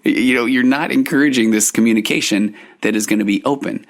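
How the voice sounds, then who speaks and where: A man's voice: medium pitch, fast. A man who hosts a podcast and works as a couples therapist, explaining ideas in an earnest way and often restarting his phrases. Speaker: podcast host and marriage therapist. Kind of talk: solo podcast teaching.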